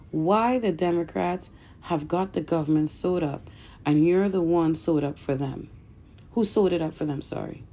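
A woman's voice: on the low side, dark tone. A woman hosting a podcast, talking earnestly to listeners and then reading a long passage aloud with emphasis and occasional stumbles. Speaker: podcast host.

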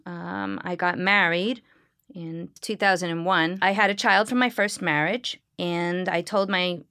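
Woman, lowish smooth voice, dry close sound, smiling earnest interview talk. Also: steady tone, bright, forceful tone, no echo. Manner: smiling, earnest storytelling with frequent pauses and restarts. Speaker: Reformed Jewish clergy leading healing services. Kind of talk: reflective personal interview.

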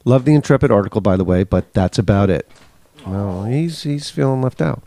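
A man's voice: fairly low pitch, expressive, brisk, gravelly, mellow. A male podcast co-host reading a listener letter aloud with wry asides in casual chat.

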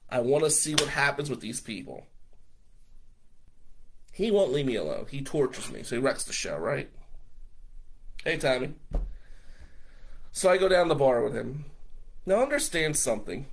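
A man spins a casual personal story, his pitch swinging up and down as he goes. His voice is bright and forward, and he swears freely in a loose, chatty way. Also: husky. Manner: animated, profane, conversational with frequent "right?".

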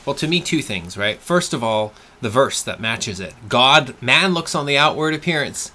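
Measured male podcast guest, lively pitch. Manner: measured, deliberate when reading quotes. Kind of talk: casual conversation and reading aloud.

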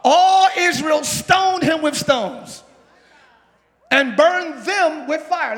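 A male pastor preaching a sermon in a large church hall, shouting and calling on the congregation to respond. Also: very high-pitched, lively intonation, slow pace. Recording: live church hall with long reverb, crowd noise.

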